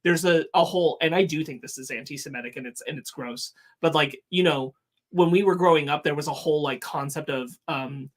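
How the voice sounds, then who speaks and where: A man's voice: fairly high pitch, fairly quick. A man co-hosting a podcast, talking earnestly and thinking aloud with restarts. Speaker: podcast co-host. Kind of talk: casual podcast chat.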